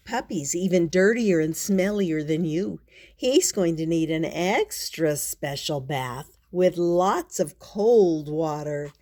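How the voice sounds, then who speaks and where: Reading a picture book to children, an older woman plays a storytelling grandmother. Her delivery is slow and expressive with playful asides, and her voice lies on the low side.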